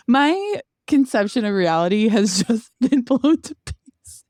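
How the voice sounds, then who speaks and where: A young woman co-hosting a casual podcast, animated and laughing often as she chats. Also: a little high, a little slow, dry recording, studio quality. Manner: excitable, laughs a lot, animated disbelief. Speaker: podcast co-host. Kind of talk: casual chat.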